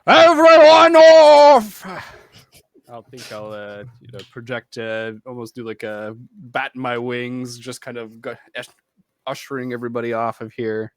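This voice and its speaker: A man playing a tabletop game, thinking aloud in a relaxed, casual way. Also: mid-range voice, normal speed, no echo. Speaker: player.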